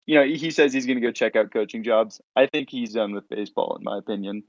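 A man's voice: medium pitch, fast, no echo. A man from the Sacramento area in casual podcast chat, offering hedged opinions on a dull lo-fi mic. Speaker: podcast panelist.

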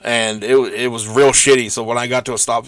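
A man co-hosting a casual podcast who tells anecdotes and teases his partner with dry humor. His voice is mid-pitched with a bright tone. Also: level tone, fairly quick, dry recording. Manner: dry, teasing storyteller. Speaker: podcast co-host. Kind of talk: casual chat.

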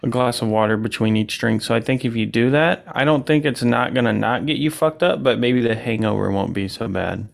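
A man's voice: mid-range voice, a little fast, vocal fry, hardly any pauses. A man co-hosting a podcast in casual chat, easygoing and explaining things matter-of-factly. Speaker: podcast co-host.

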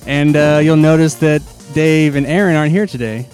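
A man's voice: on the high side, moderate pace, darkish tone, soft background music. A man hosting a casual gaming podcast, joking and rambling with fillers. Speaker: podcast host. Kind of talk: casual chat.

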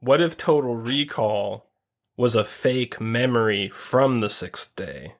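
A man's voice: medium pitch, expressive, takes it slowly. A man co-hosting a podcast, spinning a long absurd comic story and acting out the people in it. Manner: spins absurd stories, acts out quoted characters. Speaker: podcast co-host. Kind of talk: casual comedic chat.

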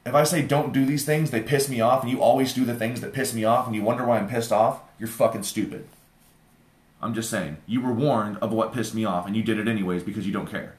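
A man with a loud voice, insistently ranting and swearing through a heated argument with his partner. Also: fairly low pitch, quick pace, roomy sound.

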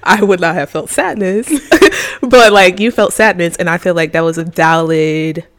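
A woman's voice: on the low side, steady tone, moderate pace. A young woman co-hosting a podcast, giving opinions casually and hedging as she thinks aloud. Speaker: podcast co-host. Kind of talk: casual chat.

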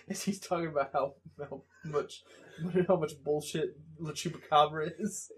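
A man's voice: fairly high pitch, steady tone, a little slow. A man co-hosting a podcast in casual chat, chuckling through his sentences. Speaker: podcast co-host.

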